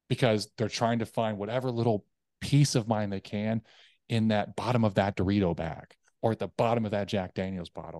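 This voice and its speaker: A man with a low voice talks as a guest on a podcast, recorded close and dry. He tells animated stories about his own habits. He often acts out the inner voices in his head. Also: dry recording. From United States. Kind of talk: casual interview chat.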